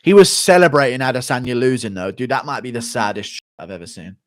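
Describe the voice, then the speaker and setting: A man's voice: mid-range voice, no room sound, clean studio sound. A young man hosting a livestream, chatting casually, reading out donations and swearing freely as he rants. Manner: profane, ranting, quick to flare up. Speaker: livestream host.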